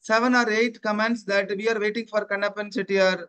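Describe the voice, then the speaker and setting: A man's voice: sits high, little pitch movement, a little fast, a bit bright, clear, resonant tone, low-quality recording. A man hosting an online event over a video call, speaking formally with many hesitant fillers. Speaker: event host.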